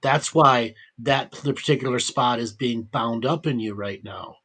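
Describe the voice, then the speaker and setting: A man's voice: medium pitch, unhurried, sharp tone, husky. A man hosting a talk show on a video call, coaching a guest and checking in often. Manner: coaching, checks in with repeated "okay?". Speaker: host and healer. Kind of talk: casual chat.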